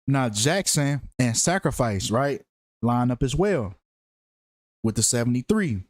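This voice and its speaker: A man's voice: mid-range voice, lively intonation, measured pace, no room sound, clean studio sound. A man giving a casual, profane commentary monologue, slangy and emphatic, repeating phrases for effect. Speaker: true-crime numerology commentator.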